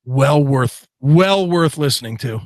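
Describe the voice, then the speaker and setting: A man's voice: mid-range voice, expressive, slow, darkish tone, dry recording. A man co-hosting a casual radio show, crude and joking, riffing with his partner. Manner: crude, joking, does mocking impressions.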